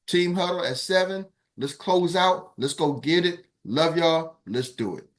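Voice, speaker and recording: A man, a team coach telling a lively story on a morning call, acting out quotes in raised voices. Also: on the high side, unhurried.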